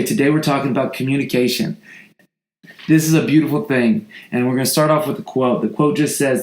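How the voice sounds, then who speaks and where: A man's voice: mid-range voice, roomy sound, poor audio. A man who is a football coach, giving direct advice to his players in a motivational podcast talk. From Oregon. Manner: direct, instructive, with frequent restarts.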